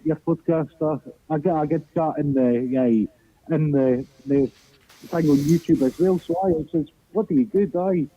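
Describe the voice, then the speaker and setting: A man's voice: a little high, moderate pace, dark tone, slightly rough, no room sound. A man with an Edinburgh Scottish accent, calling in to a football phone-in show, rambling with lots of stumbling restarts and casual swearing. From Scotland. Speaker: caller. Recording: dry tinny phone line.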